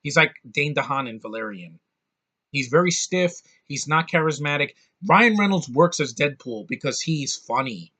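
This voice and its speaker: A man's voice: on the high side, animated, moderate pace, pushed and bright. A man giving a blunt, sarcastic, profane rant as a movie reviewer. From United States.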